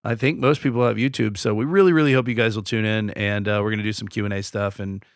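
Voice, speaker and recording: A man's voice: fairly low pitch, steady tone, fast talker, no room sound, studio quality. A man co-hosting a casual podcast, talking in a laid-back, rambling way with filler words. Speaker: podcast co-host.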